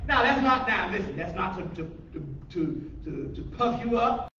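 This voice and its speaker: A man preaching a call-and-response sermon to a congregation, animated and calling out questions for them to answer. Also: sits high, normal speed, a little hiss or hum. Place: church hall with a congregation. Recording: echoey room from far off, dull lo-fi.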